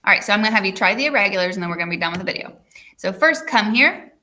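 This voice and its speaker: A woman's voice: medium pitch, lively intonation, rapid-fire, bright, forceful tone, a little hiss or hum. A woman teacher giving a recorded video lesson, chatty and checking in with her students with frequent "okay"s.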